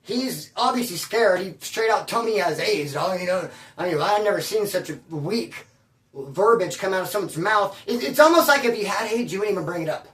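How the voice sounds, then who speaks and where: A man telling a casual story in an animated, slangy way, calling people bro and dude and stumbling over restarts when he gets worked up. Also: high voice, brisk, distant mic. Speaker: storyteller recounting prison life. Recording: roomy echo, voice away from the mic.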